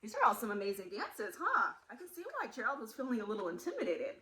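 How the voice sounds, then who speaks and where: Animated woman reading to children. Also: on the high side, fast, background noise. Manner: animated, asks children questions. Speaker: museum storyteller. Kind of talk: reading a picture book aloud to children.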